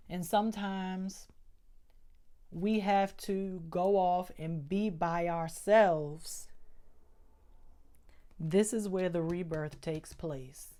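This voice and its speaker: A woman's voice: fairly low pitch, steady tone, extremely slow, pauses often, mellow. A woman giving a casual tarot reading, speaking emphatically, repeating phrases and talking straight to her viewers. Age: adult with doctoral degree. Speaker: tarot reader.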